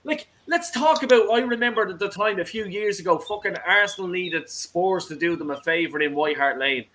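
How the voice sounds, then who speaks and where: A man's voice: sits high, brisk, a bit bright, rough recording. A man hosting a football fan call-in show, ranting heatedly with constant swearing.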